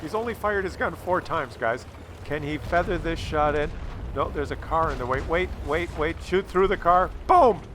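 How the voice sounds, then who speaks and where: A man commentating a tank game replay, animated and loud at big moments. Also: fairly high pitch, moderate pace, background noise. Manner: animated, shouts and laughs at big shots. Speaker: gameplay commentator.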